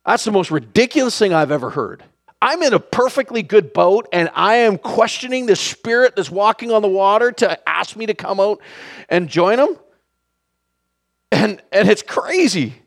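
A man preaching a sermon, animated, acting out the lines of the people in the story. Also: sits high, moderate pace, gravelly. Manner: animated, acts out the characters' lines.

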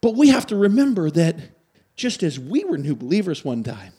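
Lively, high-voiced man preaching. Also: moderate pace, breathy edge. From Canada. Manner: animated storytelling, asks the audience questions. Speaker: pastor. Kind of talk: sermon.

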